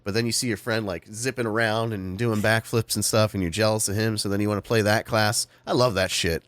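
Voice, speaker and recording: Man, podcast co-host, low voice, casual hesitant talk with swearing, dry recording. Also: steady tone, fairly quick, a bit bright, no echo. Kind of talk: casual chat.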